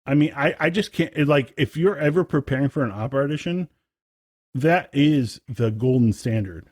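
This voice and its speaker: A young man co-hosts a podcast in loose, casual chat. He rambles enthusiastically, piling up fillers and restarts. His mid-pitched voice sounds dry and close, with no room around it. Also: lively intonation, moderate pace, darkish tone, dry recording. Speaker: podcast co-host.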